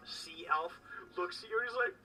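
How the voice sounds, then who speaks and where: A game master narrating a tabletop game, animated and full of fillers. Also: mid-range voice, moderate pace. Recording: distant mic with faint background music.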